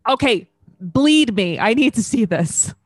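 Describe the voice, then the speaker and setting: A woman's voice: on the high side, expressive, measured pace, slightly rough, no room sound, studio quality. A woman co-hosting a casual podcast, giggly and playful in the banter. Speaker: podcast co-host.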